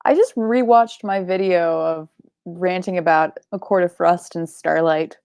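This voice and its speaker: A woman's voice: fairly low pitch, a little slow, darkish tone, clean tone, no room sound, clean studio sound. A young woman hosting a live book club stream, chatting casually and rambling, sleepy and yawning, with offhand swearing.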